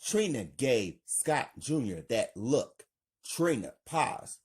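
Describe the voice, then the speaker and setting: A man reads out a homemade drama script with its stage directions, in a plain and unpolished way. The pace is slow and the voice slightly husky. His pitch moves around a lot. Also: big pitch swings, darkish tone. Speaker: channel host reading his drama script.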